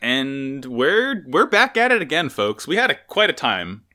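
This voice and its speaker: Bright, joking podcast co-host man. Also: medium pitch, big pitch swings, unhurried. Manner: jokey, profane, laughs often. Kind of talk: casual chat.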